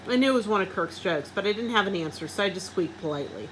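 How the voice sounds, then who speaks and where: A woman reading a children's storybook aloud in an expressive, animated first-person way. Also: medium pitch, fast, a little hiss or hum, rough recording. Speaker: reader.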